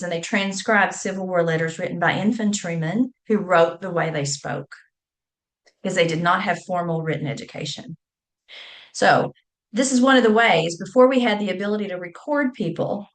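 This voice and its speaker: Woman explaining as a scholar. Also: on the low side. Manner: explanatory, spelling out words letter by letter. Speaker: scholar and public speaking teacher. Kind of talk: academic talk.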